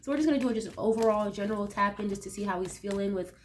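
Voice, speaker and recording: A woman's voice: mid-range voice, rapid-fire, a little hiss or hum. Chatty woman with a nasal voice. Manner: chatty, loose, full of fillers and asides. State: nasal from allergies. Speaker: tarot reader. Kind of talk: casual tarot reading.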